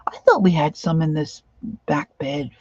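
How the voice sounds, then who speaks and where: A woman's voice: sits low, unhurried, darkish tone, no room sound, highs cut off. A middle-aged woman chatting casually as she works on a craft project, rambling on and answering viewers' comments.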